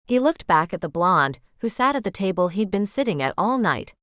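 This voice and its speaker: A woman narrating a romance audiobook in the first person, with expressive delivery. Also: mid-range voice, moderate pace, hardly any pauses, no echo, studio quality.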